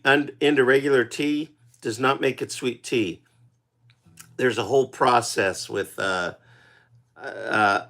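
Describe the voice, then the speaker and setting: A man's voice: mid-range voice, fairly bright tone. A man, a singer-songwriter, hosting his own live stream and chatting casually with viewers, teasing them playfully while reading out their comments.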